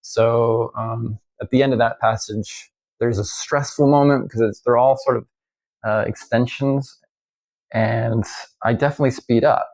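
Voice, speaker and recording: A man giving a casual violin lesson, talking in a halting way with many fillers and restarts. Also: mid-range voice, fairly even intonation, darkish tone. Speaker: violin teacher. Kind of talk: casual instructional talk.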